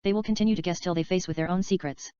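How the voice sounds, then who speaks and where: A woman reading the part of a chatty, dreamy male screenwriter in a plain, even voice. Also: on the low side, very fast, smooth, no room sound, close to an everyday voice. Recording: dull, slightly lo-fi dry recording.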